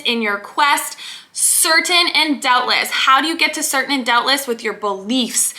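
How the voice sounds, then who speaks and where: Bright high-voiced woman mindset coach. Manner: earnest, emphatic, repeats key words. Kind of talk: motivational talk to camera.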